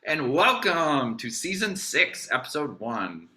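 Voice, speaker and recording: A man's voice: fairly high pitch, takes it slowly. A man co-hosting a spiritual podcast, opening the show with upbeat energy and telling stories in a casual chat. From United States. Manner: upbeat, animated storyteller. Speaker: podcast co-host.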